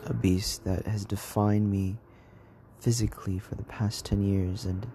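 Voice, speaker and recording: A young man speaking softly and haltingly in a personal diary vlog, tired and sad, sometimes dropping close to a whisper. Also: on the low side, flat delivery, background noise. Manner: soft, hesitant, halting, sometimes near a whisper. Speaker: vlogger.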